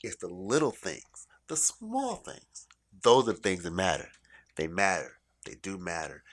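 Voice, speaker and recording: A middle-aged man telling a stand-up comedy story in an animated, profane way, swinging between loud bursts and quiet asides. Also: deep voice, unhurried.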